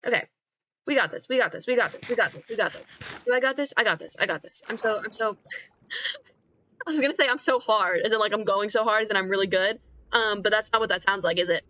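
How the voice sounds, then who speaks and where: A young woman streaming a game, keeping up an excitable, self-mocking running commentary as she plays. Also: mid-range voice, fast, dry recording, dull audio. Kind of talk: casual live-stream chatter while gaming.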